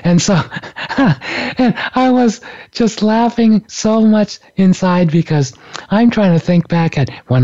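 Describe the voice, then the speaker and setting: A middle-aged man, a psychic and minister, telling a story in a casual, animated way with frequent laughter. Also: fairly high pitch, muffled recording. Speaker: podcast host, psychic and minister.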